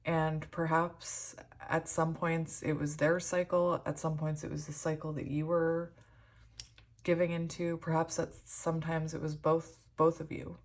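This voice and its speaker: A woman giving a pick-a-card tarot reading, emotional and hesitant, shaky and close to tears, with many pauses and ums. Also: low-pitched, level tone. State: shaky and tearful. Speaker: tarot reader.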